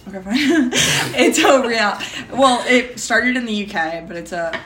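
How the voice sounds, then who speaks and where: A young woman from New England co-hosting a podcast, chatty and giggly, often trailing off softly. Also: fairly high pitch, lively intonation, measured pace, crowd noise. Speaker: podcast co-host. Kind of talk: casual chat.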